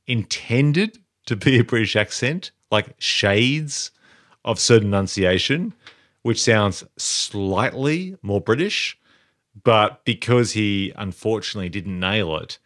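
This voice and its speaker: Low-voiced man hosting a podcast, dry sound. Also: a bit bright, no room sound. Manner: leads segments, reads trivia aloud. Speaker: podcast host. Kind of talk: casual podcast chat.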